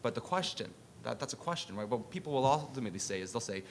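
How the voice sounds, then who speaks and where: A man's voice: lively intonation, quick pace. A man speaking on a conference panel, making his points with emphatic rhetorical questions. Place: conference session room. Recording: faint background rumble.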